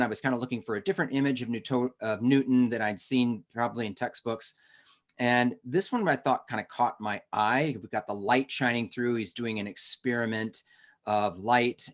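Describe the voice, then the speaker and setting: A man teaching a history lesson in a conversational way, with asides and self-corrections. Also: lowish voice. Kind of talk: lesson on a recorded webinar.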